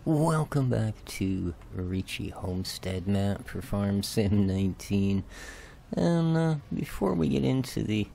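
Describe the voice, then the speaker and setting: A middle-aged Canadian man with a Canadian accent, unhurried and chatty as he plays a farming game, joking at his own expense. His gravelly voice sits a bit low and keeps a slow pace. A faint hiss of noise runs under his desk mic. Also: expressive. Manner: slow, chatty and self-joking, drifting to soft mutters. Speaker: gaming video host. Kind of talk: casual let's-play commentary.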